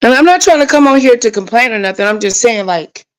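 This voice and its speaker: A woman's voice: a little high, expressive, quick pace, low-quality recording. A woman hosting a casual livestream, talking straight to her viewers in a frustrated, rambling way. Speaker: livestream host.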